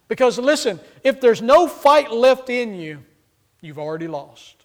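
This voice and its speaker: High-voiced fervent preacher man. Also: animated, unhurried. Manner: fervent, rises to loud emphatic peaks then drops low; acts out scripture characters in quoted voices. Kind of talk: sermon.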